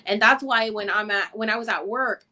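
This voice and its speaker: A woman's voice: mid-range voice, moderate pace, sharp tone. A woman in her thirties hosting a casual live chat, telling stories animatedly and acting out her own inner voice. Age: 30s. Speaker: host.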